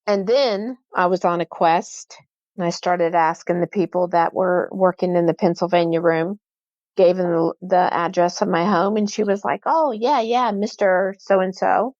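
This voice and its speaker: A woman guest on a podcast, recounting a haunting in an animated way and acting out the dialogue she quotes. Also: on the low side, normal speed, no room sound, muffled recording. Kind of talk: podcast interview storytelling.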